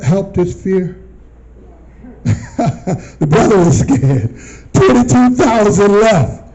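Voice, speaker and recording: A man teaching from scripture to a group, often pausing to ask them questions and repeating phrases for them to answer. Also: sits high, mellow, poor audio. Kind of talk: call-and-response Bible teaching.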